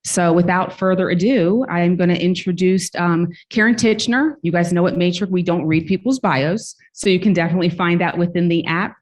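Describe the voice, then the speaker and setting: Low-voiced woman moderating a conference session. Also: fairly even intonation, fairly quick, hardly any pauses. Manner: friendly, informal, with many fillers. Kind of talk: event introduction. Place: small conference room.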